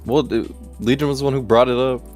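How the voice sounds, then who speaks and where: A man's voice: mid-range voice, fairly even intonation, fast, a little mellow. A man from Texas with a Texan accent, answering his friends' teasing in a defensive, dry way. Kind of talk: casual group chat on a livestream. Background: faint background music.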